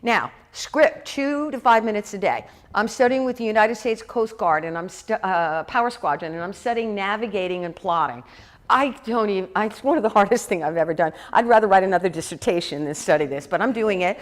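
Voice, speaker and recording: Chatty, lively woman minister preaching. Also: mid-range voice. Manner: lively, chatty preaching with asides and quick laughs. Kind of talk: sermon. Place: church hall.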